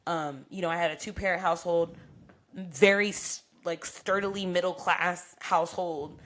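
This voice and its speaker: A young woman co-hosting a podcast, telling a personal story in casual, profane chat and getting animated as she re-enacts arguments. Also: fairly low pitch, normal speed. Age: young adult. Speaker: podcast co-host.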